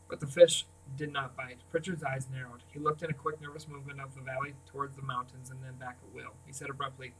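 Man, storybook narration, measured, mid pitch, off-mic sound. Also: little pitch movement, sharp tone, slightly rough, recorded from a distance, rough recording. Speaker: audiobook reader. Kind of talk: storybook read-aloud narration.

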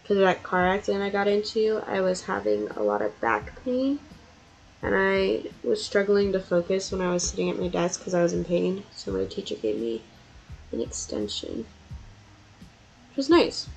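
A woman's voice: medium pitch, sing-song, moderate pace, creaky, slight background noise, rough recording. A young woman streamer chatting casually with her viewers as she draws, laughing often and poking fun at herself. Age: young adult. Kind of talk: casual chat while drawing.

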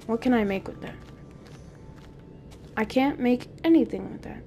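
A woman's voice: fairly high pitch, expressive, moderate pace, mellow, highs cut off, a little hiss or hum. A young woman chatting casually while playing a game with a friend, playful and teasing, laughing often. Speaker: gamer. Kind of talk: casual gameplay chat.

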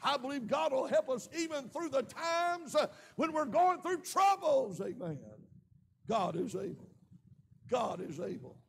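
A man with a Southern American accent preaching a sermon in a church, with shouted peaks and frequent amens. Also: extremely high pitch, lively intonation, measured pace, vocal fry, slight background noise. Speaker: pastor. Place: church sanctuary.

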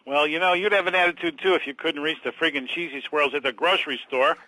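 An aggrieved short-guy caller for game radio comedy: high, bright, mocking. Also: quick pace, rough recording. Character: touchy short man caller with a chip on his shoulder.

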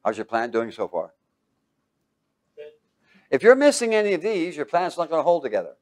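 A man giving a motivational talk to a live audience. He talks emphatically, swings from loud to hushed, and keeps quizzing listeners with fill-in questions. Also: fairly high pitch, huge pitch swings, normal speed. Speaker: speaker teaching a live audience.

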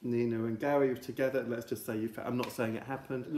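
A man hosts a silly mock lesson for children, rambling in a deadpan way that swings from loud to hushed. His voice sits at a middling pitch. The room around him is echoey. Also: fast talker, few pauses, a little hiss or hum. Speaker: comedy presenter of a children's show. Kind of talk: absurd mock lesson for kids. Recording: roomy echo.

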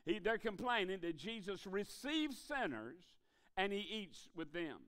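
A man preaching at a church revival, with a fairly high-pitched voice. He talks in a folksy, animated style, mixing jokes into his sermon. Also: unhurried. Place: church sanctuary.

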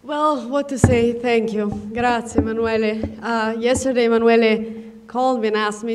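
A woman from Milan with an Italian accent, giving formal welcome remarks at a podium as a diplomat, warm and with frequent fillers. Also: a little high, steady tone, moderate pace, a little hiss or hum. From Milan, Italy. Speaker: consul general. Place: event hall. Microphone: podium microphone.

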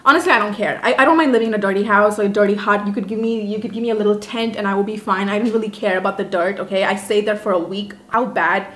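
A young woman vlogger telling a storytime rant, animated and profane, dramatizing every detail. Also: mid-range voice, fast, hardly any pauses, reverberant.

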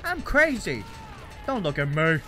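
A young Canadian man, a gaming YouTuber, rambles through his gameplay with self-deprecating jokes. His voice is on the high side and sharp, very animated but unhurried, and faint music plays behind him.

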